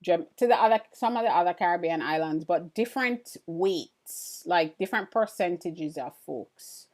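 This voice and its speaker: A middle-aged woman hosts a live stream, chatting casually and answering viewer comments as they arrive, relaxed and speaking straight to her audience. Her voice is fairly low, at a moderate pace.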